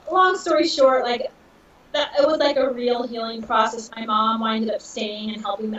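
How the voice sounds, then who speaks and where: A woman's voice: fairly high pitch, slight background noise. Woman telling a story, distant and roomy. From Southern California. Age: 30s. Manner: emotional, animated retelling with laughs. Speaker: podcast guest. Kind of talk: casual storytelling. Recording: dull, distant, roomy audio.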